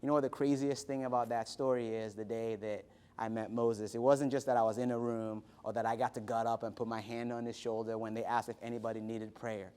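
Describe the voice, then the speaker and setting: A man hosting a late-night show, telling stories with animated delivery that drops to a soft, reflective tone. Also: medium pitch, fairly quick, clear, resonant tone. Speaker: host.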